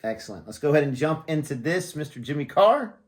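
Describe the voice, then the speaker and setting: A man's voice: a little high, sing-song, fast talker, a little hiss or hum. Chatty American man hosting a reaction. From United States. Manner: jokey, chatty, laughs often. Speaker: reaction channel host. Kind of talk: casual chat. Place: friend's house indoors.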